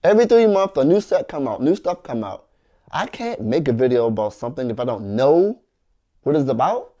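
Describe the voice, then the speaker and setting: Talking to camera, a man who works as a content creator and street performer earnestly retells arguments with his wife about his hobby and his work, sounding aggrieved. His medium-pitched voice is warm and sing-song at a moderate pace, though the audio is dull.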